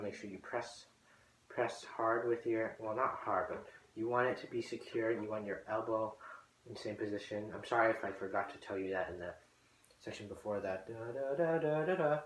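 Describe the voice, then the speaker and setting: A man's voice: on the low side, fairly even intonation, normal speed, a bit bright, a little hiss or hum. A man teaching a cello piece, singing the rhythms aloud as "da, da" and often checking in with "okay?", with casual apologetic asides. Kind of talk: music lesson walkthrough.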